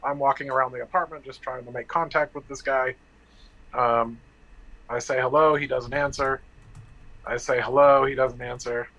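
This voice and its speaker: Man, gravelly, husky, candid storytelling, blunt, profane, halting restarts. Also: mid-range voice, fairly even intonation, sharp tone, dull audio. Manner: blunt and profane, reenacting dialogue.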